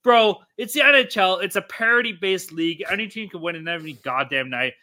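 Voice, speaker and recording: A tipsy man hosting a casual podcast, swearing freely and laughing between lines. His voice sits high for a man and rings very bright and forceful. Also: fairly quick. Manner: crude, profane, laughing. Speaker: podcast host. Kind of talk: casual chat.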